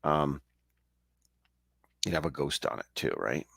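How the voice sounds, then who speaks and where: A man's voice: rumbling low, lively intonation, a little slow, vocal fry, fairly bright tone, breathy edge, no echo, studio quality. A man hosting and telling local ghost stories in a casual, conversational way, often restarting and correcting himself. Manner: conversational, chatty, with frequent restarts and asides. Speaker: storyteller host.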